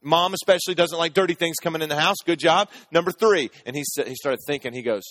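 A man's voice: fairly high pitch, fast talker, fairly bright tone, dry recording. A man in his thirties preaching a sermon, telling family stories in a conversational, humorous way and asking the audience questions. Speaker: pastor.

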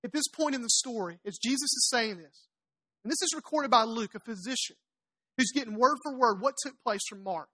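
Woman preacher with a somewhat high voice, animated storyteller who acts out the characters' lines in her sermon. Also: a little fast. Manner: chatty asides to the congregation.

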